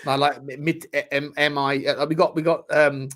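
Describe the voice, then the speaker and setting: A man's voice: on the high side, level tone, normal speed, fairly bright tone. Rambling football podcast co-host, a man. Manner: rambling, restarts and slang, jokey. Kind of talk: casual chat.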